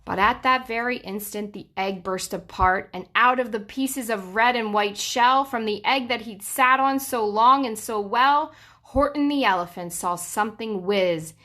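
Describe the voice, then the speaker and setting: A woman's voice: on the high side, a little slow, pushed and bright. A young woman reading a rhyming children's book aloud in a sing-song manner, with dramatic drops. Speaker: storyteller.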